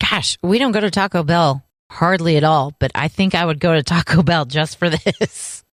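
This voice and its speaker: A woman co-hosting a podcast in casual chat, playful and full of deadpan sarcastic jokes. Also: low voice, moderate pace, no echo, studio quality. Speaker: podcast co-host.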